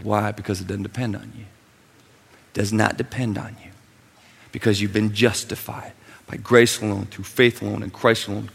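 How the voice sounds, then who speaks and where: A male pastor preaching a passionate sermon, swinging between quiet intensity and loud emphasis, heard with long hall reverb. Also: fairly low pitch, vocal fry, husky.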